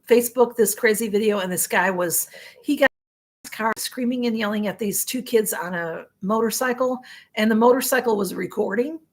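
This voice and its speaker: A middle-aged woman with a Chicago accent hosts a live stream in a casual, rambling chat, reading out viewer comments, her voice going a little hoarse. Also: medium pitch. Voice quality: rambling, chatty, with frequent fillers and restarts. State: voice getting hoarse.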